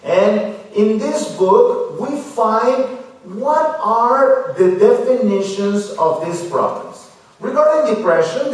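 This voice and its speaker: A man giving a measured, explanatory lecture on mental health to students, often checking in with "okay?". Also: high voice, far from the mic. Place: school hall. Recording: echoey hall, voice from afar.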